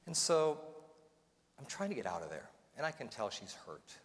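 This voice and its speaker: A man's voice: medium pitch, sing-song, moderate pace. A North American man giving a self-mocking, humorous storytelling speech as a motivational speaker. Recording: reverberant hall, faint noise.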